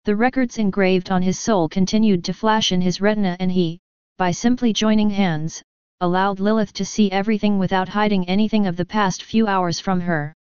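A woman narrating a web novel audiobook in an even, steady reading voice. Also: mid-range voice, normal speed, clean tone, dry recording, highs cut off. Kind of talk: scripted narration.

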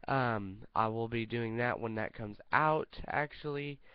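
A man's voice: medium pitch, a little slow, clear, resonant tone, dry recording, dull audio. A man chatting casually to camera as a vlogger, sounding irritated and rambling, with lots of fillers. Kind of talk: casual vlog chat.

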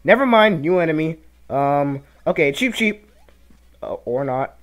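A young man giving casual gameplay commentary, reacting loudly to the game and muttering asides. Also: on the high side, lively intonation, a little slow. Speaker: let's play commentator.

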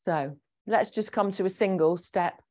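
A woman leading a gentle exercise class, chatty and encouraging as she explains each movement. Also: medium pitch, a little slow. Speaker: fitness instructor.

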